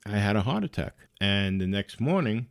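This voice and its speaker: A man in his forties with a fairly low voice recounts his own experience in an easy, conversational way, wry and laughing at himself. The sound is dry and close, with no room around it. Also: big pitch swings, moderate pace, creaky, dry recording. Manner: wry, self-mocking, laughs at himself while telling the story. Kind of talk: casual personal storytelling.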